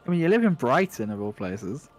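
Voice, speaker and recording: A man keeping a livestream going as moderator, rambling and joking to the viewers while the player concentrates. His voice sits at an ordinary middle pitch. Soft music plays underneath him. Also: sing-song, brisk. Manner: chatty, joking, rambling with many restarts. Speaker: stream moderator co-hosting a speedrun stream. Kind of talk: casual stream chat, talking to viewers.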